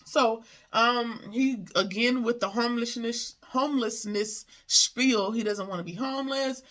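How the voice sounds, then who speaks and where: A woman's voice: fairly high pitch, measured pace, a bit bright. A woman recapping a TV episode in casual commentary, sassy and talking back to the characters. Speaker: TV show reviewer.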